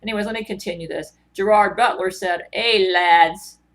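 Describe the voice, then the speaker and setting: A woman's voice: mid-range voice, fast. A woman vlogger in a rambling, earnest monologue, full of ums and restarts. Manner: rambling, filler-heavy, earnest.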